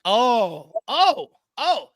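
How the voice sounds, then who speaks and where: An Irish man hosting a fan live stream in casual chat, shouting out viewers by name. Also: extremely high pitch, very animated, drawn-out words, gravelly, crowd noise. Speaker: fan channel host.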